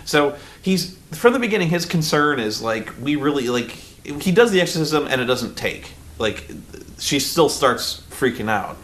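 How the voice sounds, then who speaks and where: A man's voice: a little high, sing-song, unhurried, a bit bright. Rambling man reviewing a movie. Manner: rambling and loose, full of "like" and swearing. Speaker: film reviewer. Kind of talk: casual spoken movie review.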